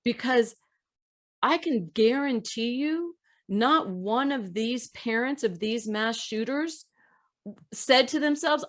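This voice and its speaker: A woman's voice: on the high side, animated, slow pace, a bit bright. A woman hosting a podcast, talking in an emphatic, direct way as she gives advice in a casual discussion. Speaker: podcast host.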